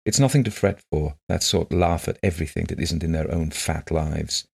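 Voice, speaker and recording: A man's voice: a bass voice, normal speed, creaky, darkish tone, breathy edge, exaggerated voice. A man playing a courteous English motorist.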